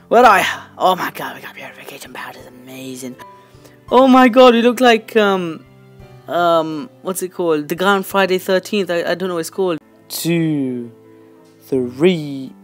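A teenage boy giving excitable gameplay commentary as a channel host, shouting and squealing at big moments and then dropping to quick mumbled asides. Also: high voice.

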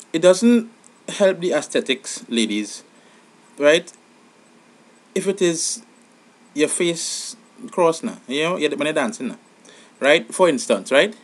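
A young man giving comic advice in an animated, exasperated vlog monologue. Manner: animated, exasperated, rising to high outbursts. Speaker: vlogger.

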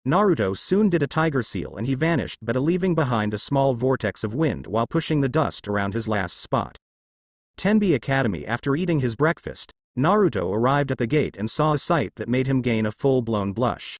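A man narrating a fan fiction story aloud in a plain, steady reading voice with occasional misread words. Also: medium pitch, fairly quick, no echo.

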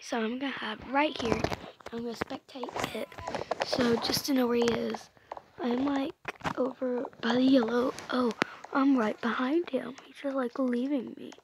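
A woman hosting a game video, chatting excitably and often dropping into a whisper. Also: fairly high pitch, moderate pace. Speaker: gaming video host. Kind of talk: let's play commentary. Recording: noisy, with clicking sounds.

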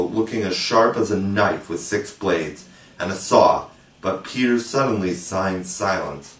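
Low-voiced man reading a storybook. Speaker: audiobook reader. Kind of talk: storybook narration. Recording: roomy, distant mic.

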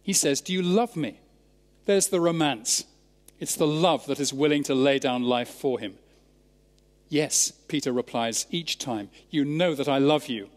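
A Scottish man delivers a measured, emphatic sermon with a slightly raised voice. His words hang in the long reverb of a large church. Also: a little high. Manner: measured, emphatic Bible exposition. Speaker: preacher.

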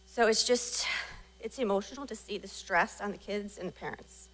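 A woman's voice: medium pitch, moderate pace, low-quality recording. A woman, treasurer of a parent booster group, giving an earnest, emotional public comment at a school board meeting.

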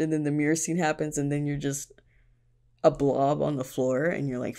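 A woman's voice: low-pitched, moderate pace, creaky, mellow. A woman hosting a casual solo podcast, talking candidly about her own writing, swearing freely and often laughing. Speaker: podcast host and fan fiction writer.

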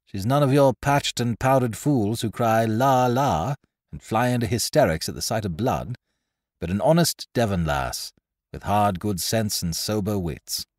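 A man voicing a bold, grinning pirate captain who talks in rough, hearty old sailor speech. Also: fairly low pitch, animated, measured pace, darkish tone, dry recording, studio quality. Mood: musing.

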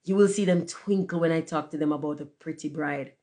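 A woman voicing a cheerful little fire balloon in a storybook reading, eager and bright. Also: sits low, fairly quick, lightly acted.

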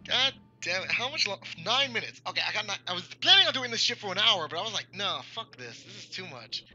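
A man's voice: high voice, expressive, normal speed, pushed and bright, highs cut off, faint music behind. A man giving casual, profane commentary while playing a horror game, joking and reacting aloud. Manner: profane, swearing often. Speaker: gaming YouTuber. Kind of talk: casual Let's Play commentary.

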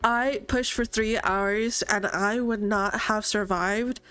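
A woman's voice: mid-range voice, steady tone, takes it slowly, fairly bright tone, smooth. A young woman live-streaming a life-sim game, chatting casually, reading chat aloud, gasping and laughing often. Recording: game music faint behind.

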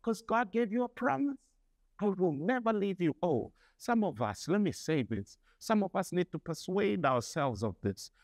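Pastor guy preaching, gets loud and declares stuff over and over, high-ish voice. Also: sing-song, normal speed, no room sound. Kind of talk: sermon.

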